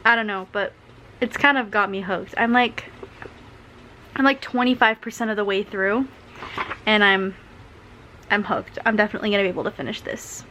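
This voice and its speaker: A woman's voice: medium pitch, steady tone, normal speed, long pauses, sharp tone, a little hiss or hum. A young woman vlogging casually from bed at home, chatting with lots of filler words like "like" and "um". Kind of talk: casual chat to camera.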